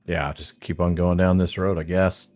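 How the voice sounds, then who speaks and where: A man's voice: deep voice, flat delivery, normal speed, darkish tone, no room sound. A man hosting a game stream, chatting casually and thinking aloud as he plays. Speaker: streamer and podcast host. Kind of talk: casual gameplay commentary.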